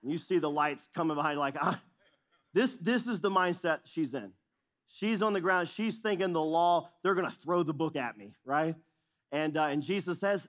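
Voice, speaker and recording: A man's voice: fairly high pitch, normal speed, fairly bright tone. A middle-aged man preaching a sermon as pastor, speaking with emphatic repetition and shifting intensity.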